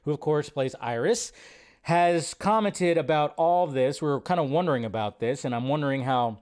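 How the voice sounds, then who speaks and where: A man hosts a casual live show about movie news, talking from his home computer setup. His voice sits a little high for a man. He rambles in a chatty way and thinks aloud with plenty of fillers. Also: normal speed, a little mellow, clear, resonant tone. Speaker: host.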